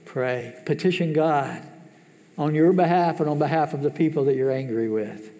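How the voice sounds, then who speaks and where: A man preaching a sermon as pastor, asking the congregation questions and swinging between loud, high emphasis and hushed, low asides. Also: normal speed. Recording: long hall reverb.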